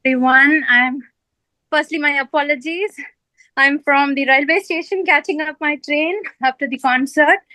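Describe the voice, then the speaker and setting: A woman composer and singer on a video call, out of breath at a railway station, talking haltingly with many fillers and apologies. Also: sits high, fairly even intonation, bright, forceful tone, no room sound, low-quality recording. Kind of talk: video call panel talk.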